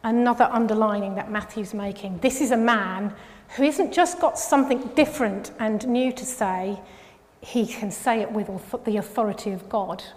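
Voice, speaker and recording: A woman's voice: mid-range voice, normal speed. A woman preaching a sermon, talking conversationally with restarts and pressing hard on key phrases. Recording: long reverb of a large hall.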